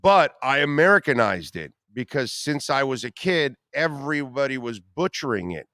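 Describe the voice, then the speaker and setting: A man hosting a sports radio show, talking bluntly and swearing freely as he tells animated stories. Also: mid-range voice, normal speed, dry recording, clean studio sound. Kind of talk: casual sports talk.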